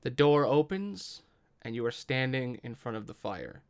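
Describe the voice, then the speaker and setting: A man running a tabletop game as game master, describing the scene in a relaxed way. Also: mid-range voice, moderate pace.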